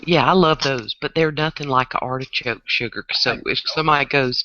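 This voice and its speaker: A man hosting a casual chat, excitable and teasing, quick to break into loud laughs. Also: mid-range voice. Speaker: show host. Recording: lo-fi sound.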